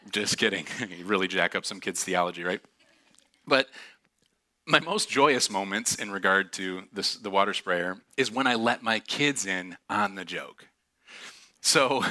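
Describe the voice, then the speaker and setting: A man preaching a sermon in church, telling a funny family story, animated and laughing often. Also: mid-range voice. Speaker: pastor. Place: church auditorium.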